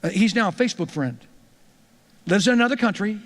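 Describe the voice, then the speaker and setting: A male pastor with a high voice talks to church leaders in a loose, storytelling way, stumbling over repeated words as he starts a point. His voice rings with long reverb from a large church hall. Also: lively intonation, fairly quick. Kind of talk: teaching talk to church leaders.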